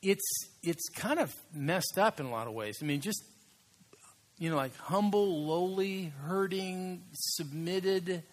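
A pastor in the middle of a sermon, talking to his congregation in a relaxed, conversational way. His voice has a husky edge, and he slows down and presses on the words he wants to stress. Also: high-pitched. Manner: conversational, emphatic preaching with slow stressed words.

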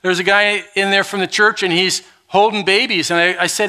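A man preaching a sermon, reading scripture and then telling stories with lively quoted voices. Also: high-pitched, moderate pace. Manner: animated storytelling with quoted voices. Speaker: pastor.

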